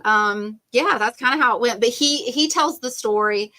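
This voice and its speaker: A woman's voice: a little high, moderate pace, sharp tone. A middle-aged woman telling her story as a podcast guest, chatty and rambling, with lots of "um" and "like" and frequent laughs. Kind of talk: casual storytelling interview.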